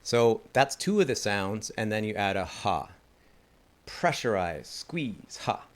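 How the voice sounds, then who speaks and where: A man's voice: lowish voice, moderate pace. A man teaching a didgeridoo lesson in a casual, enthusiastic way, chatting and laughing at his own slips. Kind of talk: casual instructional talk.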